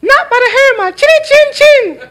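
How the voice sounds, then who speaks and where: A man voicing a defiant little pig in a squealing falsetto while telling a children's story in a sermon. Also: animated, brisk, sharp tone, full character voice.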